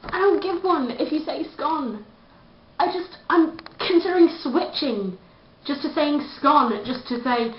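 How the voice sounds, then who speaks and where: Speaking to camera at a moderate pace, a high-voiced woman delivers a casual, self-deprecating comedic rant in a chatty vlog. The lo-fi recording sounds dull and echoey, with a slight hiss or hum.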